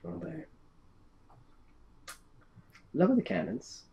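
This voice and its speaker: A cool pirate captain woman, poised and commanding, lets her questions hang in slow, arch drawls, as a man puts her on. The pitch sits a little high and moves in a lively way. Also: creaky, full character voice.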